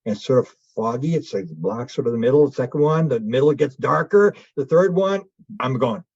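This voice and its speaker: A man, a guest telling a rambling story fast, acting out the other speakers and restarting often. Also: medium pitch, animated, darkish tone, slightly rough, dry recording. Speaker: guest, UFO researcher. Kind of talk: animated anecdotal storytelling. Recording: dull lo-fi audio.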